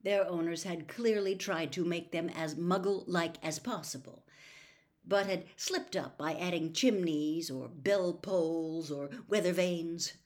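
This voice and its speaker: A woman reading a novel aloud as a storyteller, with a fairly low voice. Her narration is steady and even, moving the story along plainly. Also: measured pace.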